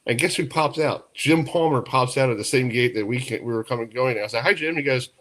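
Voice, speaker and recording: A man from New York hosting a sports talk radio show, telling stories in a lively, laughing way. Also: medium pitch, a little fast. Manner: storytelling, animated, laughs often. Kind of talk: casual radio chat.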